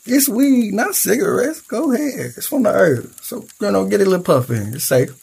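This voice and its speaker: A performer playing a teasing, husky young friend. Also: mid-range voice, expressive, moderate pace, a little mellow, full character voice. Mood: persuading. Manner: teasing, slangy. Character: brash young college friend.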